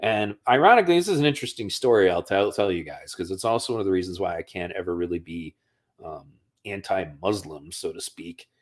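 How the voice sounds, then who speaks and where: A man with a fairly low voice, talking loosely on a livestream. He tells stories in a rambling, conversational way and swears freely. He comes from the United States. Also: animated, brisk. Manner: storytelling, profane, conversational. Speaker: streamer. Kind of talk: casual livestream monologue.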